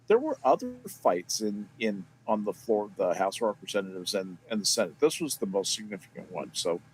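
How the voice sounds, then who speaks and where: Lively-toned man with faint room hum. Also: on the low side, fairly quick, rough recording. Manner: storytelling, expressive, swearing. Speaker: panelist. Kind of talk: casual panel chat.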